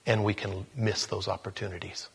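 A man preaching a sermon in a conversational way, growing animated as he reads scripture aloud. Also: fairly low pitch, normal speed, vocal fry, slightly rough, long reverb tail.

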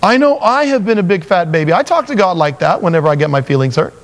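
A man preaching a sermon, telling Bible stories with animated voices for the characters. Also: high-pitched, fast talker, big-room sound. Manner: animated storytelling, acting out biblical figures in voices. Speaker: pastor.

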